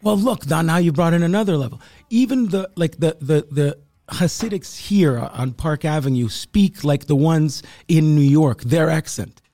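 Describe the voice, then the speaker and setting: A man, comedian and podcast host, chatting casually with animated bursts and quick laughs. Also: on the high side, no room sound. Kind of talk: casual chat.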